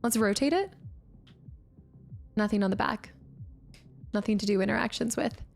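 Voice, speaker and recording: A woman's voice: mid-range voice, moderate pace, creaky, faint music behind. A woman chatting casually as she streams a game and thanks viewers by name. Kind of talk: casual live gameplay commentary.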